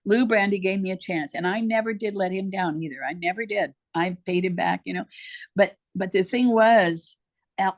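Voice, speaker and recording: An older woman, a podcast guest, recounting her life story in an emphatic, repetitive way. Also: mid-range voice. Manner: emphatic, repeats herself for weight. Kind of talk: personal storytelling in conversation.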